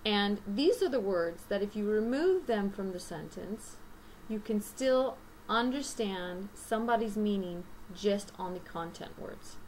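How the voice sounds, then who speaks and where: A woman teaching an English lesson, speaking slowly and deliberately and listing items one by one. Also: mid-range voice, slight background noise, rough recording. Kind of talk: recorded grammar lesson.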